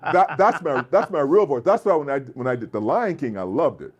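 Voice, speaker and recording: A man, an actor being interviewed, with a deep resonant voice, telling animated stories and slipping into voices. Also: fairly quick, slightly rough, dull audio. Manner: animated storyteller, slips into voices. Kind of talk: casual interview chat. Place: festival convention floor.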